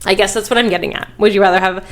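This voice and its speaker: A woman's voice: mid-range voice, fairly even intonation, very fast. A young woman co-hosting a podcast, telling rambling, crude stories in casual chat. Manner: rambling, crude, chatty storytelling. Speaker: podcast co-host.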